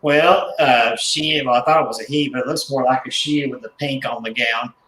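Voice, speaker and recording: A man's voice: medium pitch, fairly even intonation, normal speed, a bit bright. Hesitant man in an echoey room. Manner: hesitant, many fillers and self-corrections. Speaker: guest, doll collector. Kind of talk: casual interview.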